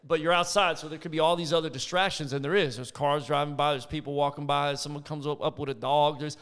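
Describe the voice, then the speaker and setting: Smooth-voiced enthusiastic podcast host man. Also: fairly high pitch, fairly even intonation, fast talker, a bit bright, big-room sound. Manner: enthusiastic, heavy use of "like". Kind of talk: casual interview chat.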